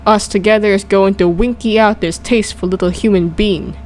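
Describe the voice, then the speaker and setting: A woman voicing a huge, brutish man-eating male giant who booms and shouts insults. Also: steady tone, a little fast, a little hiss or hum, natural voice. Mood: bullying.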